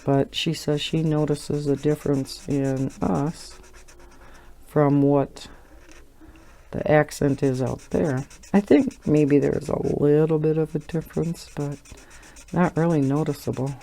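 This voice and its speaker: Middle-aged woman from Wisconsin with a local accent, relaxed drawn-out chat, soft mellow voice, laughs easily. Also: low-pitched, vocal fry. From Wisconsin, USA. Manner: chatty, rambling, laughs often. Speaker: coloring channel host. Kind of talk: casual chat while coloring.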